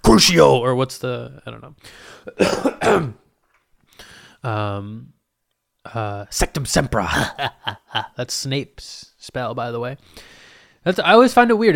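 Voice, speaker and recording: A young man rambles through a solo podcast, swearing freely and joking as he goes. His voice has a gravelly fry at the edges yet stays smooth and resonant. The sound is dry and close, with no room around it. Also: medium pitch, a bit bright, no room sound. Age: 20s. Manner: profane, rambling and jokey. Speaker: podcast host. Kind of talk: casual solo podcast rant.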